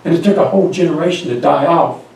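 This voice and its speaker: A man's voice: on the high side, fast talker, gravelly, a little mellow. A man preaching a sermon, telling a story and asking the congregation questions. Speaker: pastor. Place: church sanctuary. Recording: echoey church hall from far off.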